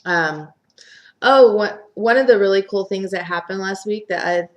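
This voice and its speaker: A woman's voice: medium pitch, moderate pace. A young woman casually recapping a soap opera as host, chatty and full of fillers, sometimes acting out quotes.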